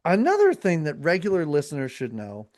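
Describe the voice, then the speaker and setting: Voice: medium pitch, wildly swooping pitch, brisk, darkish tone, no room sound, clean studio sound. A podcast host talking in a casual, rambling way, full of fillers and restarts. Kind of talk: casual chat.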